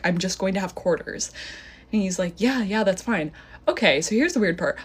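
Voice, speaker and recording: Young woman, storytime vlogger, chatty and filler-heavy. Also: medium pitch. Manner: breathless, full of "like", acts out quotes. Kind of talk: storytime vlog.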